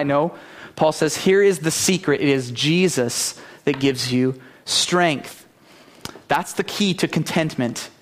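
A man preaching a sermon as pastor, earnest, asking rhetorical questions of the congregation. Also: a little high.

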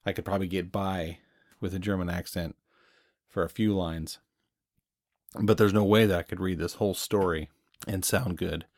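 Low-voiced reflective male podcast host. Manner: reflective, conversational, chuckles at himself. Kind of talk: casual chat.

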